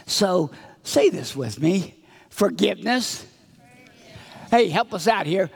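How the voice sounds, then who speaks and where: A man's voice: sits high, expressive, takes it slowly, vocal fry, long pauses, husky. A man giving a children's sermon in a church, telling a story with acted-out voices. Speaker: children's minister. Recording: reverberant hall.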